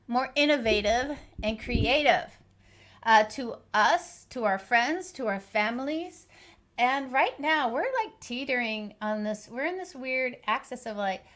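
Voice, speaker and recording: A woman's voice: a little high, fairly bright tone. A woman hosting a live stream as a life coach, talking in an earnest, encouraging way with many fillers and restarts.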